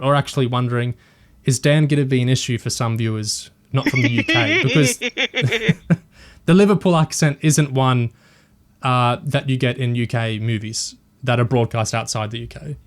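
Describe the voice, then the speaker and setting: A man co-hosting a discussion podcast, opinionated and hesitant, often restarting his sentences. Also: medium pitch. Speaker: podcast co-host.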